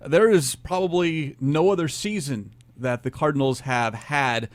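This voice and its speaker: Male sports talk host, slightly high voice, brisk segment intros. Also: no room sound. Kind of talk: sports talk show hosting.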